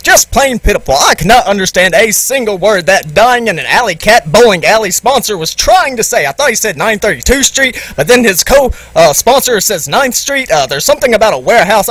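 A bumbling newsman co-host, voiced by a man, stumbles through every sentence with uh and um. His voice sits high. The sound is dry and close. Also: very animated, brisk, hardly any pauses, a bit bright, no echo, exaggerated voice. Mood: flustered. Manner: hesitant, full of uh and um.

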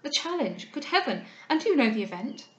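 A woman's voice: on the high side, quick pace, a little mellow, roomy sound, lo-fi sound, lightly acted. A woman voicing an anxious, earnest young heiress in a novel reading, asking urgent, pleading questions.

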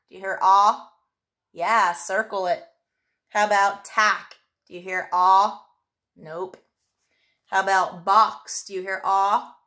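A woman teacher giving a young pupil a remote phonics and handwriting lesson, speaking clearly and encouragingly with drawn-out vowel sounds. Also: medium pitch, a bit bright.

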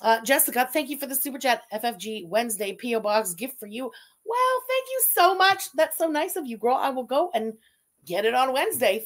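A woman with a high voice hosts a casual livestream. She talks in an exasperated, profane, venting way, swearing freely as she complains. Between the rants she chats with her viewers. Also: a bit bright. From Quebec, Canada. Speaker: livestream host.

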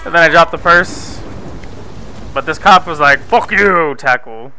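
A man's voice: a little high, moderate pace, bright, forceful tone, low-quality recording. A young man giving playful, profane commentary over his gameplay footage, mocking and teasing the characters on screen. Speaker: gameplay video host. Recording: background noise under the voice.

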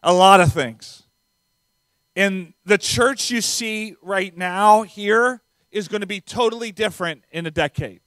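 A man with a non-Southern American accent preaches in a high, light voice. His style is conversational, with small fillers, and the sound is dry and close. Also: unhurried, fairly bright tone, no echo. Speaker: visiting pastor. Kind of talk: sermon. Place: church sanctuary.

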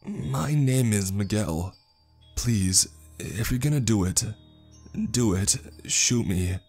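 A man voicing a timid, gentle male sasquatch who speaks softly with a quivering voice. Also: on the low side, animated, moderate pace, soft background music, pitched above the performer's own voice. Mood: pleading. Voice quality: soft, quivering.

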